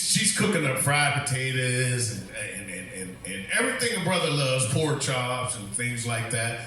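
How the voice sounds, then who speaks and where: A man's voice: on the high side, sharp tone, slight background noise. A man doing stand-up at a bar comedy night, telling a rambling story and acting out the quotes. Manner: rambling, repeats words, acts out quotes. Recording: echoey bar room, mic at a distance.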